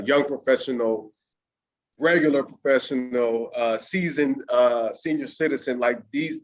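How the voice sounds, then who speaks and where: A man's voice: medium pitch, highs cut off. A man hosting an interview, enthusiastic and encouraging toward his guest. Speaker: interview host. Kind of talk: conversational interview.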